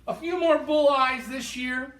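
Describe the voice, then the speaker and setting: A man's voice: very high-pitched, measured pace, fairly bright tone. A man co-hosting a live pigeon auction, enthusiastically appraising each bird he handles. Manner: enthusiastic, appraising birds in hand. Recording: roomy sound from a distance.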